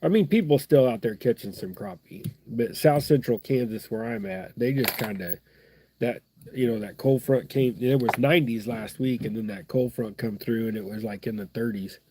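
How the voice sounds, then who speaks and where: A man's voice: medium pitch, moderate pace, warm tone, husky, no room sound. Stuffy-nosed man, folksy chatter. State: stuffed-up nose. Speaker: fly-tying livestream host. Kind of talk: casual live fly-tying chat.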